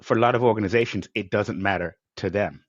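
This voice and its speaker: Male podcast host, lowish voice, enthusiastic and rambling, dry dull remote sound. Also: fast talker, dry recording. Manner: enthusiastic, rambling, acts out quotes. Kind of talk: conversational interview.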